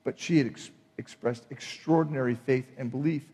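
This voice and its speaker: A man preaching a sermon, emphatic and animated, acting out the people in his retelling. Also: mid-range voice, moderate pace, big-room sound. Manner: emphatic, acts out voices in retelling. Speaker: pastor.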